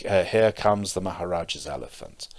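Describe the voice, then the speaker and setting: Man doing a bossy, shouting elephant driver. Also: deep voice, normal speed, vocal fry. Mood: commanding. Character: male mahout shouting from an elephant.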